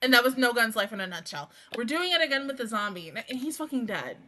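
Excitable high-voiced woman reviewing anime. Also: fast, slight background noise. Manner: excitable, swearing, laughing often. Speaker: anime reaction host. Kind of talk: casual reaction review.

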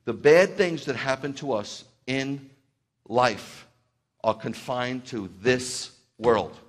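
Taking it slowly at a medium pitch, a middle-aged rabbi gives a conversational sermon. He shifts between quiet asides and loud, excited outbursts.

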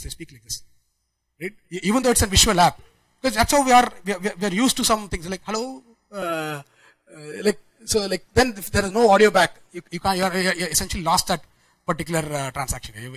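Man, conference talk, rapid delivery, fairly high voice. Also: a bit bright, poor audio. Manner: rapid, many restarts and fillers. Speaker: conference speaker.

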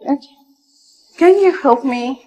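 An actress playing a trusting young woman with a Nigerian accent, soft and worried. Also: high-pitched, a little slow, dull audio.

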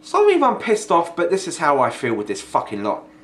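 A man's voice: fairly high pitch, wildly swooping pitch, a little fast, fairly bright tone. A young man ranting angrily in a vlog, sweary and mocking, sounding exasperated. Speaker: video ranter. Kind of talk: angry vlog rant.

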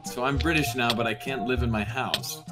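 A man's voice: mid-range voice, a little fast. An American man in laid-back, playful banter during a game. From United States. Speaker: gaming streamer. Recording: gameplay video with music behind.

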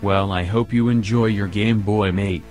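A man's voice: lowish voice, fairly even intonation, a little slow, a little mellow, soft background music. A man playing a rival buyer in a comedy sketch, complaining in a prim, whiny way.

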